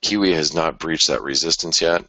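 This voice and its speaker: A man's voice: rumbling low, normal speed, sharp tone, dry recording. A man hosting a live forex chart analysis, thinking aloud in a conversational way with sighs and restarts. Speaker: forex market analyst host.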